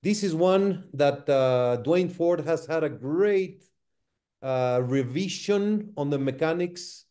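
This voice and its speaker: A man hosting a referee masterclass, moderating in a measured, unhurried way. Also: fairly high pitch, animated, mellow. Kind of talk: online seminar discussion.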